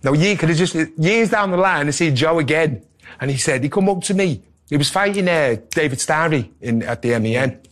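A man with a Liverpool accent, a guest boxer telling an animated story on a radio talk show and acting out the dialogue. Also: on the high side, a little fast.

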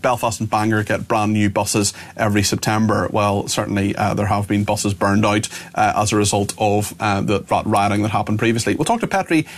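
A man hosting a radio phone-in, reading listener texts out loud with a lot of "uh" fillers. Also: on the low side, fairly even intonation. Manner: fast, plain reading with frequent "uh" fillers. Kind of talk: reading listener messages on air.

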